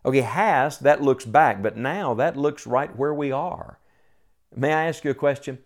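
A man's voice: mid-range voice, unhurried. A middle-aged man preaching a sermon, earnest and pleading, full of rhetorical questions.

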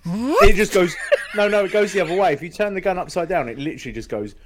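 A man in casual podcast chat, easygoing and quick to laugh. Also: sits high, expressive, noisy background.

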